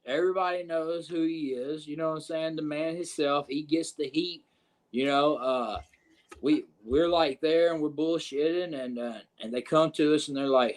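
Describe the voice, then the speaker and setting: A man's voice: a little high, moderate pace. A man, a pro wrestler telling stories as a podcast guest, cursing often and checking in with his listener. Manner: profane, animated, keeps saying "you know what I'm saying". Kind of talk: casual podcast storytelling.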